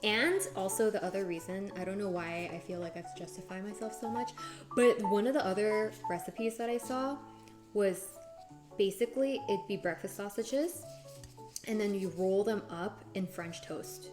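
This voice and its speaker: Chatty woman cooking on a stream, music behind. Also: normal speed. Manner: chatty, thinks aloud, reads chat and answers it; bursts into high excited exclamations. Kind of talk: casual cooking stream chat. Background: background music.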